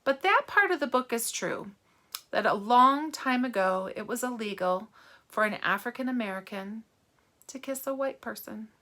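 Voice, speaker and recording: A woman reads a novel aloud to children. She stops to ask them gentle, teacherly questions. Her voice is bright and clear. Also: on the high side, expressive, moderate pace. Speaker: read-aloud narrator for children.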